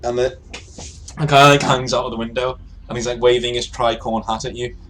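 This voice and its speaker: A man's voice: medium pitch, flat delivery, a little fast, a bit bright, slight background noise, rough recording. A man narrating a tabletop game as game master, casual and rambling with many fillers.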